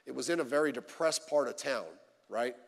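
A male pastor preaching a sermon, swinging between loud emphatic lines and low quiet asides, telling stories with humor. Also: a little fast, creaky, in a large hall. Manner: informal storytelling with humor. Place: church.

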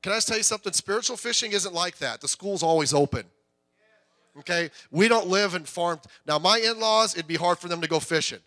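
A middle-aged man, a pastor, preaching a conversational, joking sermon with lively delivery. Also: high-pitched, moderate pace, soft background music.

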